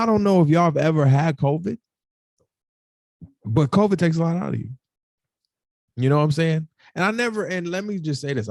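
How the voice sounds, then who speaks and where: A man's voice: fairly high pitch, a little mellow, no echo, studio quality. A man hosting a podcast, telling a personal story in casual, emotional speech, repeating himself and calling listeners y'all and bro. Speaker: podcast host.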